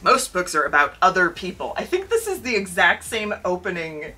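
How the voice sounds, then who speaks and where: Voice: mid-range voice, sing-song, normal speed, bright, forceful tone, rough recording. A podcast co-host reading a choose-your-own-adventure story aloud, with wry, jokey asides. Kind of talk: casual chat and reading aloud.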